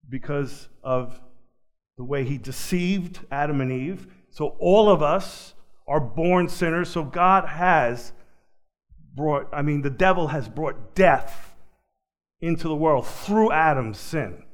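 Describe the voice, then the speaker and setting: A man preaching a sermon, swinging from loud emphatic peaks to soft, low asides, with a chuckle now and then. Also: slow pace.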